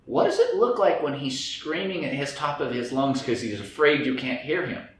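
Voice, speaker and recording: A man's voice: medium pitch, sing-song, normal speed. A man giving a lecture to a group, acting out inner voices in quoted dialogue. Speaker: speaker on anxiety and stress. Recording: very echoey room, faint background noise.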